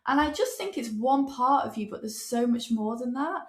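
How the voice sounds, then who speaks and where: A woman's voice: on the high side, lively intonation, normal speed, reverberant. A woman hosting a podcast interview, sharing personal thoughts and asking reflective questions. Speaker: podcast host. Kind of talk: interview conversation.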